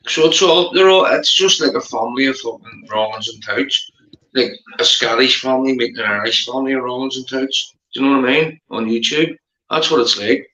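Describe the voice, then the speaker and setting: A man's voice: medium pitch, a little fast, sharp tone. A man with a Belfast accent chatting casually on a live stream, rambling, swearing and laughing often. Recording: roomy, dull lo-fi sound.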